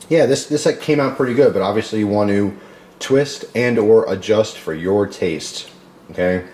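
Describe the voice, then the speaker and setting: A man hosting a casual home cooking video, talking loosely with many fillers and pausing to taste. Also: deep voice, a little mellow, a little hiss or hum. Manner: rambling, loose, tasting food mid-talk with filler words.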